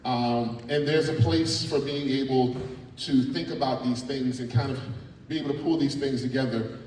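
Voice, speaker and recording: A middle-aged man, a spoken word artist giving a lively, playful workshop talk to students in a large school hall. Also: medium pitch, moderate pace, slight background noise. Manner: animated and playful, coaching the crowd. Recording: echoey hall from far off.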